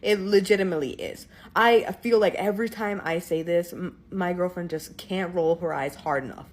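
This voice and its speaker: A woman's voice: lowish voice, moderate pace, a little mellow. A woman content creator telling a story to camera in a dramatic, exaggerated way. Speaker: social media creator. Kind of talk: casual chat to camera.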